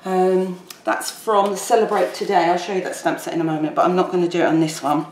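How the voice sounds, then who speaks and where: A woman's voice: on the low side, fairly even intonation, quick pace, darkish tone. A woman chatting casually as she demonstrates a papercraft project, rambling while she works. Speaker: papercraft tutor. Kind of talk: casual crafting tutorial. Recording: echoey room with faint background noise.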